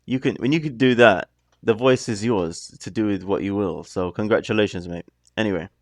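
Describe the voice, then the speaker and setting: Man, lowish and gravelly with a lively, bouncing delivery; casual reaction host trading jokey asides over a song playing underneath. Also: brisk, no echo. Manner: chatty, joking asides, rambling.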